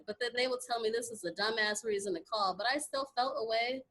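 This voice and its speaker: A young woman co-hosts a radio talk show, her voice sitting fairly high. She tells stories in an animated rush, cursing freely. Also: fast, a little hiss or hum, poor audio. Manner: animated storytelling, heavy cursing. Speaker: radio co-host. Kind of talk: casual radio banter.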